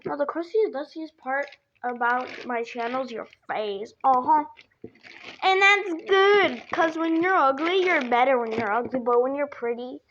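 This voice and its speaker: A woman's voice: high voice, normal speed, highs cut off, a little hiss or hum. A woman chatting casually to her viewers in a playful, giggly way, full of jokey asides. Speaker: vlogger. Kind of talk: casual rambling chat to camera.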